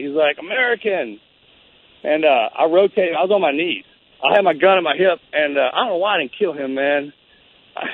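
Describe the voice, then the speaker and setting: A man's voice: on the high side, no echo, narrow, tinny audio. A man being interviewed, telling a long story in a casual, rambling way, often saying man and bro. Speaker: guest.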